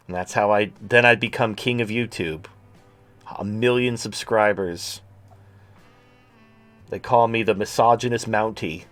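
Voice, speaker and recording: Crude, rambling man hosting a stream. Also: fairly low pitch. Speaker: host. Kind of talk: casual livestream talk.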